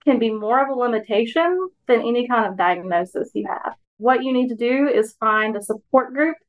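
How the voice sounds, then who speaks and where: A woman speaks in an earnest, steady way as a podcast guest. Her voice sits a touch high, and her tone stays encouraging. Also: normal speed, poor audio. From Alabama, US. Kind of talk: personal reflection in conversation.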